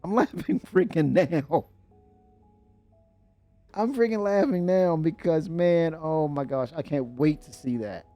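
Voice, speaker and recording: Excitable, rambling male streamer. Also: fairly high pitch, slow, dry recording, faint music behind. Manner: excitable, rambling, laughs often, many fillers. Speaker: livestream host. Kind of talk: casual chat.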